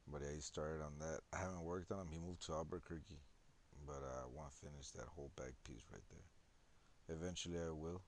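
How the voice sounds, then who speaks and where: Very deep-voiced laid-back tattoo artist. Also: male voice, fairly quick, slight background noise. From El Paso, Texas. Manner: rambling and laid-back, with slang and profanity. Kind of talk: casual narration over photos.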